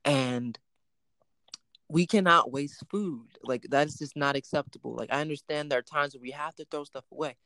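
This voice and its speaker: A man's voice: fairly high pitch, moderate pace, bright, forceful tone, no echo. A man hosting a casual chat, telling a personal story with plenty of quoted dialogue.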